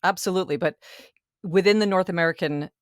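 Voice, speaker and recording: A woman with a subtle Dublin Irish accent, chatting as a guest voice actor on a podcast in an expressive, talkative way. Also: lowish voice, fast talker, dry recording, studio quality. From Ireland. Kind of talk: casual podcast conversation.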